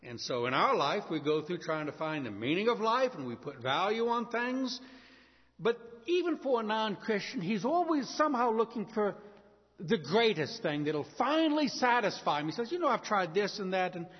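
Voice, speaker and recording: Husky-voiced preacher in an echoing hall. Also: male voice, sits high, very animated, normal speed. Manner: storytelling, acts out characters' voices. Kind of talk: sermon. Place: church. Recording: lo-fi church hall with long reverb.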